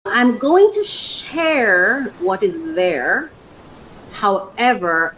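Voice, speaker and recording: A woman's voice: fairly low pitch, slight background noise, rough recording. Bubbly woman podcast host. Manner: bubbly, laughs often, excited exclamations. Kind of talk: casual unboxing chat.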